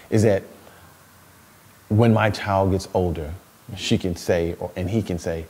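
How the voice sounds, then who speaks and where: A man in his thirties, a stay-at-home dad as an interview guest, telling stories in a lively way with frequent laughs and repeated words. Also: deep voice, quick pace. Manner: animated storytelling, laughs often, repeats words. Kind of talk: casual interview talk.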